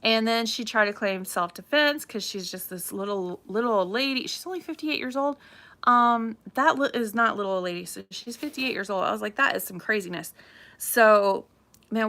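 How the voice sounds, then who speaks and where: Woman, bright voice, chatty, gossipy livestream talk, from Florida. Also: fairly high pitch, moderate pace. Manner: chatty, animated, says "craziness" often. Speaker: realtor livestream host. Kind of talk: casual gossipy livestream chat.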